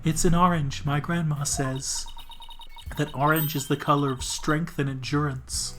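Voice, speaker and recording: A streamer reading the lines of a gentle, shy and sickly young woman, softly and sweetly. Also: medium pitch, fairly even intonation, a little slow, faint music behind, close to an everyday voice.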